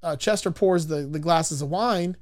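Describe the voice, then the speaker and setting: A man's voice: a little high, moderate pace, a little mellow. A man casually recapping a film as a podcast host, rambling, swearing and laughing as he goes. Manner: rambling, profane, laughs often. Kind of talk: casual chat.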